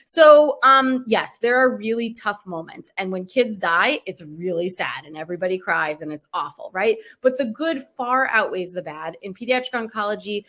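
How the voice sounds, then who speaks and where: A woman's voice: medium pitch, moderate pace, hardly any pauses, fairly bright tone. A woman in her thirties, a pediatric oncologist, chatting casually on a video call, with lots of "like" and "right?".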